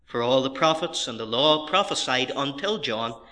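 A man's voice: medium pitch, lively intonation, normal speed, pushed and bright. A middle-aged man preaching a sermon as pastor, reading scripture and stressing key phrases with earnest, rising emphasis.

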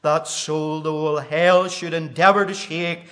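A man preaching a sermon, reading scripture in a King James cadence and swelling into loud, high declamation. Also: measured pace, few pauses.

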